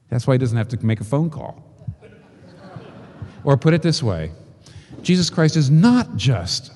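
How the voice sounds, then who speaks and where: A man preaching a sermon in an animated way, acting out quoted voices and repeating phrases for emphasis. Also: lowish voice, long reverb tail.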